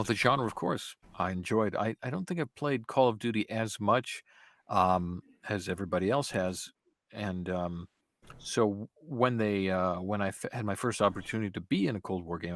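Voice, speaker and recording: A man speaking in a lower voice answers questions on a relaxed podcast. His delivery is animated and playful, swinging from loud, bright bursts to quiet muttered asides. The sound is dry and close. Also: no echo. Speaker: guest voice actor. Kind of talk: casual podcast interview chat.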